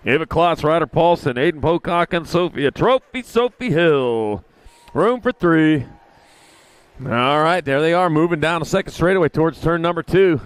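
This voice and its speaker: A man's voice: a little high, animated, moderate pace, clear, resonant tone, dry recording. A man calling a kids' bike race live, folksy and chatty, with rambling asides. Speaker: race announcer. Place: outdoor race track.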